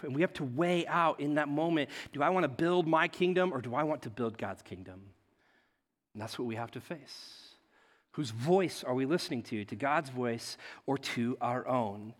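A male pastor preaching a sermon in an animated, self-deprecating way, often checking in with the listeners. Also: medium pitch, normal speed, long reverb tail. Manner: animated, self-deprecating, keeps asking "right?".

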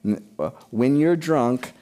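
A man's voice: mid-range voice, slow, warm tone. A middle-aged man preaching a sermon with emphasis, asking questions of his congregation. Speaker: pastor.

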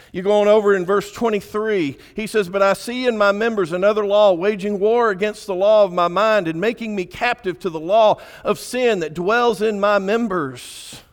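A man preaching a sermon, swinging between hushed and emphatic delivery. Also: high-pitched. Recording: echoey church hall.

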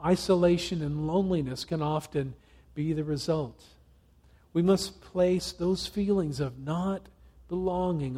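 A male pastor delivers a sermon in an earnest, measured way. His voice sits a little high yet sounds soft and mellow. It has a gentle huskiness. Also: husky. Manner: earnest, reads passages aloud with pauses.

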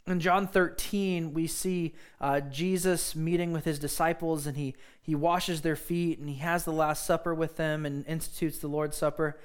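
A man's voice: on the high side, flat delivery, normal speed, few pauses, clean tone. A man preaching a sermon to his congregation in an earnest, conversational way, with frequent fillers and restarts. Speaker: pastor.

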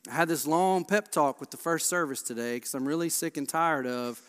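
A Baptist pastor, preaching a sermon with passion, swinging from hushed to loud. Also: male voice, a little high, normal speed, few pauses. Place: large church sanctuary. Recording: long church reverb.

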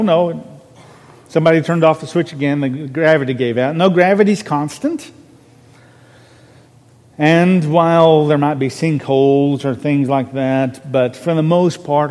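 A minister preaching a sermon from a podium, earnest and conversational, stressing key words. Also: male voice, medium pitch, darkish tone, long reverb tail. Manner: earnest, conversational preaching with restarts and rising emphasis. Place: church sanctuary on a raised podium.

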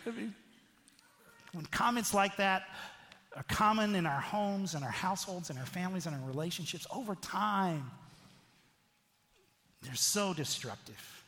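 A man's voice: sits high, animated, unhurried, long pauses, a bit bright, big-room sound. A middle-aged man preaching a sermon as a pastor, in a conversational way that keeps checking in with the listeners. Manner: conversational, frequent "right?" asides.

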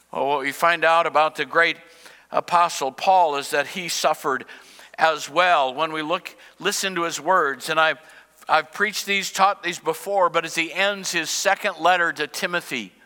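A male pastor preaching a sermon, swinging from loud, high cries to hushed, low asides. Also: long reverb tail, rough recording.

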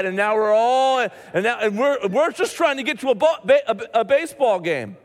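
Pastor guy telling a story in his sermon, kinda high voice, lots of restarts, big echoey hall. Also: normal speed, few pauses. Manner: storytelling, animated, with frequent restarts. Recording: reverberant church hall.

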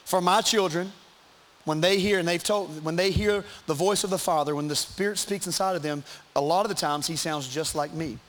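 A man's voice: fairly high pitch, moderate pace, a bit bright. A man preaching a sermon to his congregation in church, emphatic and repetitive, with asides to the crowd. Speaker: pastor.

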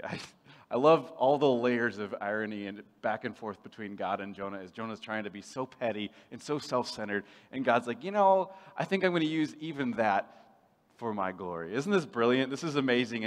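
A man preaching a sermon in a playful, animated way, swinging from loud bursts to hushed asides. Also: fairly high pitch, big-room sound.

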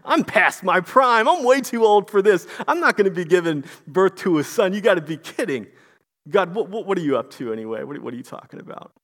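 A woman's voice: lowish voice, sing-song, brisk, in a large hall. Scoffing aged woman in a sermon retelling, man voicing; plain, lightly acted. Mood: incredulous. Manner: incredulous, scoffing.

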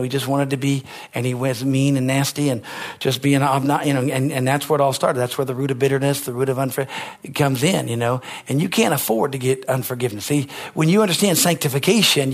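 A man preaching a sermon as pastor, animated and conversational, rising to shouts on his high points.

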